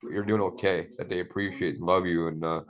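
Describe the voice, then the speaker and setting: A middle-aged man with a very low voice speaks in an earnest, rambling way, dropping "man" into almost every sentence as he shares a personal testimony. The sound is a bit dull and muffled. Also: fairly even intonation, brisk. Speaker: community member sharing a testimony.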